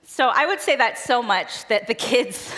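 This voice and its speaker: A woman's voice: a little high, animated, unhurried, bright, forceful tone. A woman telling personal stories in an earnest, conversational way as a speaker at a church event. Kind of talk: personal storytelling talk. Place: church auditorium stage. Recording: long reverb of a large church hall.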